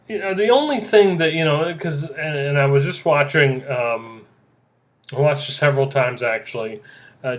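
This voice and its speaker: A man hosting his own podcast in an excitable, rambling solo monologue, often repeating himself and joking about his own eccentricity. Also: mid-range voice. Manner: excitable, repetitive, self-deprecating. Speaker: podcast host.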